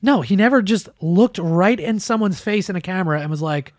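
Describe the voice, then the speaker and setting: Male podcast co-host, fairly high voice, dry close mic, animated and profane with mocking impressions. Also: brisk, dry recording. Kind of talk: casual political commentary.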